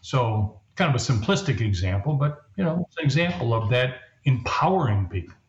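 A man's voice: medium pitch, big pitch swings, brisk. A man who is a leadership coach and author, explaining his ideas as a guest in a podcast interview and sometimes acting out quoted voices. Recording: roomy, dull lo-fi sound.

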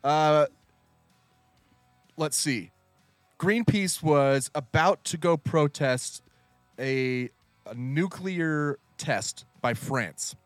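A man hosting a podcast in casual chat, lively and laughing as he reads out trivia. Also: fairly high pitch, extremely slow, long pauses, dry recording, soft background music. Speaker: podcast host.

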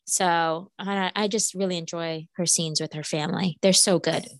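A woman's voice: lowish voice, steady tone, normal speed, no room sound. A woman co-hosting a podcast, agreeable and giggly in casual chat about reality TV. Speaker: podcast co-host.

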